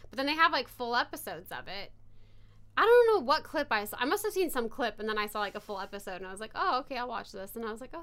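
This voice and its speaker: A woman co-hosting a podcast, chatting casually and rambling through animated stories. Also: a little high. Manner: animated storyteller, rambling, often says "anyway". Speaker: podcast co-host. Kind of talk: casual chat.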